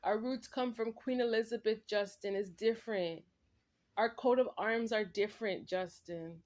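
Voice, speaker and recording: A woman's voice: mid-range voice, normal speed, a little mellow. A woman vlogger in a confrontational, repetitive rant, talking straight at an absent man. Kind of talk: ranting monologue to camera.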